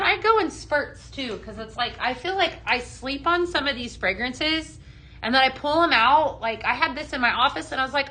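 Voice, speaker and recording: A woman's voice: sits high, animated, moderate pace, sharp tone. A woman hosting a live shopping show, gushing over products with many ums and reading out viewer comments. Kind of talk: live product demo chat.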